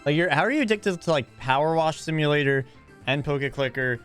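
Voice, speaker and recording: Man, game streamer, casual reactions, lively pitch. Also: fairly quick, clear, resonant tone, soft background music. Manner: reacting casually, reading dialogue aloud. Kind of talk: live gameplay commentary.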